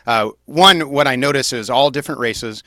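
A man's voice: medium pitch, moderate pace, sharp tone, dry recording, clean studio sound. A man hosting a casual interview, engaged and supportive, often interjecting. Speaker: podcast host.

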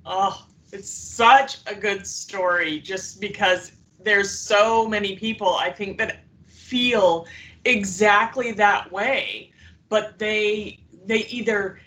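Woman host talking slow, kinda far from the mic, encouraging. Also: mid-range voice, fairly bright tone. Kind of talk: conversational interview.

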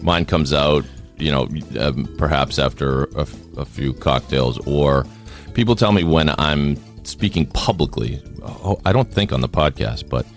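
Very deep-voiced man hosting a podcast. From Boston area. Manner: chatty, rambling with fillers and restarts. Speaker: podcast host. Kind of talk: casual interview chat.

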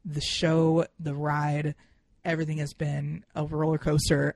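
A young man hosting a podcast in a casual monologue, emphatic and heartfelt, swearing freely and swinging into excited bursts. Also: on the high side, fairly quick, creaky, dry recording. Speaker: podcast host.

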